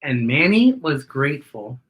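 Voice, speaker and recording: A woman hosting a children's story time, reading a picture book aloud in an expressive way and speaking to the children directly. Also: very deep voice, unhurried, husky.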